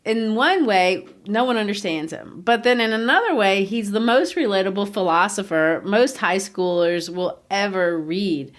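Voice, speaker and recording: A woman's voice: mid-range voice, lively intonation, moderate pace, hardly any pauses. A woman co-hosting a literature podcast, explaining ideas earnestly with rhetorical questions and easy laughs. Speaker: podcast co-host. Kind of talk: conversational literature discussion.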